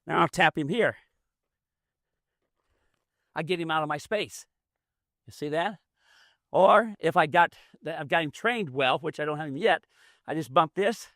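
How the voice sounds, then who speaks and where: Outdoors, a man leads a hands-on mule training demo, explaining things in a folksy, plainspoken drawl with rural grammar as he works. His voice sits a little high and a bit bright, and he talks a little slowly with long pauses. The recording is studio quality with no echo.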